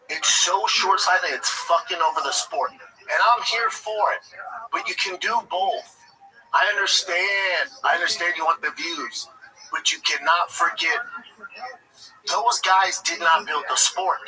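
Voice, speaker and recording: A man's voice: sits high, low-quality recording. A man hosting a livestream, delivering a blunt, profane, indignant rant about a sport. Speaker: livestream host. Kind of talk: heated commentary rant.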